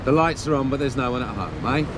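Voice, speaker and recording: A man's voice: medium pitch, animated, fast, background noise, close to an everyday voice. An actor playing a scornful, indignant male car dealer in a 1990 TV police drama. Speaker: garage owner.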